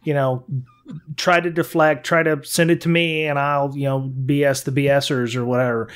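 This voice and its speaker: A man's voice: mid-range voice, little pitch movement, normal speed, clear, resonant tone. A man hosting a podcast, asking long, rambling questions with fillers. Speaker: podcast host. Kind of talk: conversational interview.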